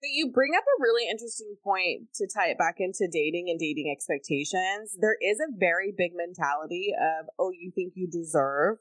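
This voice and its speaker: A woman's voice: on the low side, animated, a little fast, few pauses, a bit bright, dry recording. A woman in casual podcast conversation, earnest and reflective, stringing her points together in long, building sentences.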